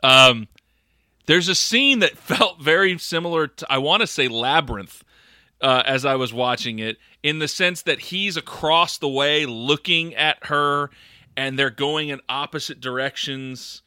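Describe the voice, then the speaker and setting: A man co-hosting a podcast with his brother, talking casually about a film in a halting, offhand way and swearing now and then. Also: on the high side, bright, forceful tone, clean tone, no room sound, clean studio sound. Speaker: podcast co-host. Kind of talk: casual movie-review chat.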